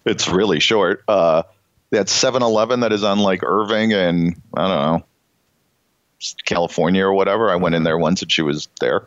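A man co-hosting a podcast, teasing his partner and telling quick stories. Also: low-pitched, no echo, lo-fi sound. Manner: teasing, eager storyteller. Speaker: podcast co-host. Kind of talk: casual chat.

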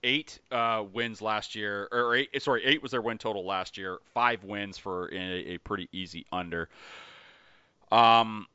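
A man with a low, bright, forceful voice and a smooth, resonant tone, talking through football bets in animated bursts. He restarts his sentences as he thinks aloud. The audio is dry and a little dull and lo-fi. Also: unhurried, dry recording. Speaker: podcast co-host. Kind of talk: casual sports betting chat.

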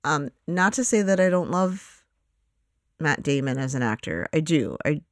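A woman's voice: sits low, expressive, moderate pace, dry recording, clean studio sound. A woman co-hosting a film podcast in a casual, rambling chat full of fillers, with a groggy morning voice. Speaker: podcast co-host.

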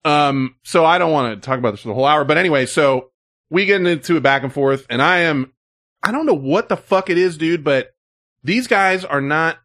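A man, a live streamer telling a story to his chat in a casual, profane, animated way, full of "like" and "you know". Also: a little high, a little fast.

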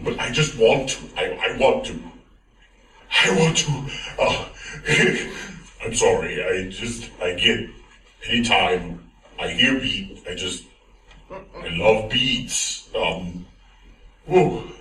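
An actor playing a nervous, awkward night shift supermarket manager who rambles, giggles and keeps apologizing. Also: male voice, lowish voice, lively intonation, takes it slowly, long pauses, sharp tone, exaggerated voice. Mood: giddy. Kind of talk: comedic web video monologue. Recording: echoey room played from far off, faint noise.

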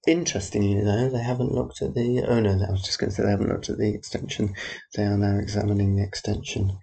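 A man's voice: on the low side, little pitch movement, fast, creaky, dark tone, slight background noise. A man rambling through a personal audio diary, making dry, wry asides about passers-by. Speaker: theatre worker.

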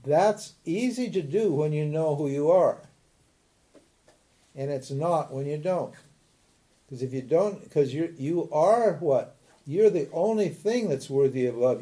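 Very dark-voiced man teaching spiritual scripture. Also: on the high side, expressive, measured pace. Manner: asks the listeners rhetorical questions with a frequent "huh?"; chuckles often while explaining. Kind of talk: talk on scripture.

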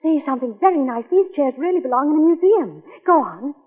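An earnest, high-voiced young wife. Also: female voice, big pitch swings, quick pace. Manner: earnest, heartfelt, scolding tenderly. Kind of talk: 1940s radio acting. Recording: tinny old radio broadcast with reverb.

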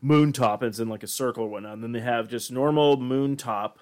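A man's voice: medium pitch, a little fast. Man, podcast co-host, casual chat, swears a lot, ranting. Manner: profane, ranting, animated.

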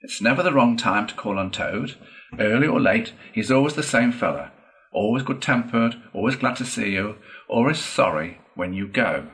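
A man voicing a cheerful, good-natured male water rat who talks briskly and confidently in a storybook reading. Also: fairly low pitch, lively intonation, fairly bright tone, low-quality recording.

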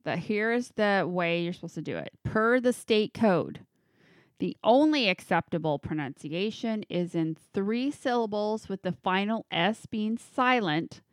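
A woman's voice: mid-range voice, expressive, a little slow, no room sound, clean studio sound. A woman co-hosting a casual chat show, reading out odd laws in an easygoing way and laughing often. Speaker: podcast co-host.

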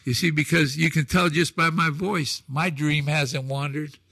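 A man in his sixties telling stories as a talk show guest, acting out dialogue with shouted quotes and emphatic delivery. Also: on the high side, steady tone, unhurried, dry recording. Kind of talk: animated storytelling on a talk show.

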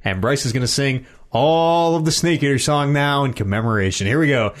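A man hosting a casual gaming podcast, animated and swearing freely as he reads the news. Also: medium pitch, brisk. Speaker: podcast host.

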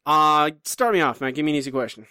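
A man's voice: on the high side, quick pace, pushed and bright, clear, resonant tone, no echo, studio quality. A man co-hosting a podcast in casual chat, teasing and self-deprecating as he runs a trivia game. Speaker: podcast co-host.

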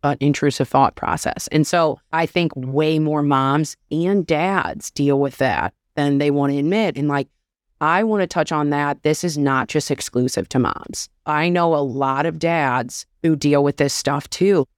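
A woman's voice: low voice, a little slow, no echo, studio quality. A woman in her thirties, a podcast guest, talking openly and casually about motherhood, with lots of "like". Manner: open, confessional, says "like" often. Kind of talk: candid casual chat.

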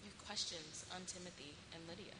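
A woman pastor with a lowish voice hosts a question-and-answer time in a church sanctuary, speaking briskly. She's playful, laughing and making self-deprecating jokes. The room is echoey, with background noise.

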